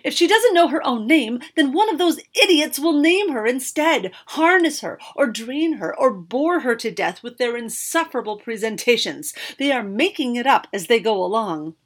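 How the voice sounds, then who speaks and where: A woman's voice: fairly high pitch, lively intonation, normal speed, few pauses, pitched above the performer's own voice. Woman reading as a cranky old storybook wizard, snappish and impatient. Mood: irritable.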